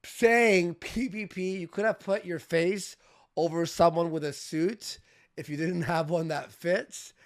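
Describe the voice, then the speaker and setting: A man's voice: fairly high pitch, fairly even intonation, unhurried. A man hosting a livestream, exasperated and cursing, laughing in frustration at his co-host. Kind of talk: casual livestream banter.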